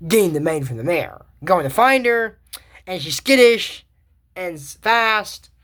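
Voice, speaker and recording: A woman with a somewhat low voice chats her way through a cartoon episode recap. She rambles, circles back on herself and throws in sarcastic remarks as she goes. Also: animated, measured pace, fairly bright tone. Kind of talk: casual episode recap commentary.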